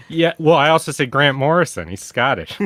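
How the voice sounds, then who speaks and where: A man's voice: fairly high pitch, expressive, normal speed, a bit bright, no room sound. A man co-hosting a podcast, joking around in casual chat. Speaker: podcast co-host.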